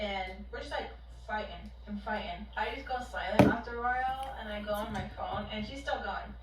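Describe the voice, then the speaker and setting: A woman's voice: medium pitch, fairly quick, hardly any pauses, roomy sound, distant mic, slight background noise, poor audio. A young woman telling a heated storytime monologue, emphatic and ranting, heard as a video played back in the room. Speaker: storytime YouTuber.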